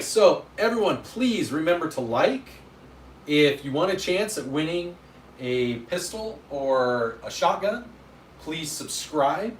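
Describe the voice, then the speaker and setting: Hosting a casual livestream from Utah, USA, a man chats loosely and responds to viewer comments with self-deprecating humor. His voice is mid-range, and the recording has slight background noise, an echoey room and a distant mic.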